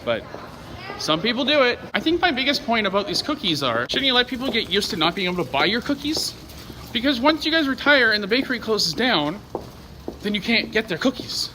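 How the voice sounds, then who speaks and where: A man's voice: high voice, big pitch swings, fairly quick, noisy background. A young man vlogging casually while out and about, joking and rambling in a chatty way. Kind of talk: casual vlog chat.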